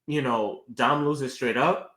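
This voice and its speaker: A man co-hosting a casual wrestling podcast, thinking through ideas out loud. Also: slow pace, reverberant. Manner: thoughtful, lively swings in pitch. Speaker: podcast co-host.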